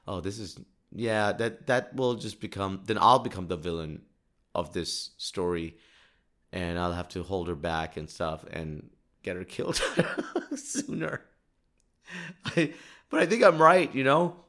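A man's voice: lowish voice, a bit bright. A man in his thirties from Dubai hosting a casual solo podcast, rambling and self-deprecating, laughing often and restarting his sentences. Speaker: podcast host.

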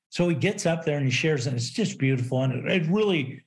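A man's voice: a little high, brisk. A middle-aged man telling business stories as a podcast guest, acting out quotes with lots of restarts. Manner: animated storyteller, acts out quotes, frequent restarts. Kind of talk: casual interview storytelling.

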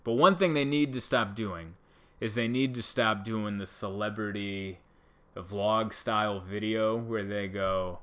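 A man's voice: fairly low pitch, normal speed, fairly bright tone. A man who works as a stand-up comedian, talking to camera in a casual, sarcastic, rambling monologue.

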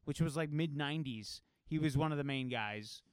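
A man's voice: a little high, moderate pace, clear, resonant tone, no echo, studio quality. A man co-hosting a podcast in casual chat, riffing on jokes and swearing freely. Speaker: podcast co-host.

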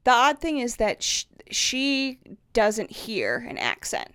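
A woman's voice: a little high, very animated, slow, a bit bright, clean tone. A woman from the northern United States, a mother chatting as a podcast guest, telling stories animatedly and swearing freely. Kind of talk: casual chat.

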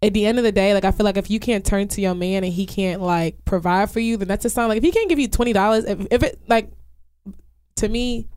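A woman talks quickly and emphatically in a casual chat with friends, restarting her sentences as she argues. The sound is dry and close. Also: mid-range voice, darkish tone, clean tone, no room sound. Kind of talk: casual group discussion.

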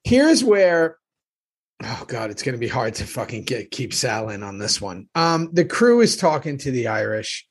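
Guy hosting a podcast over a call, husky voice, worked up and cursing a lot. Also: mid-range voice, normal speed. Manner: animated, profane ranting. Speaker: podcast host. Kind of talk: casual rewatch chat.

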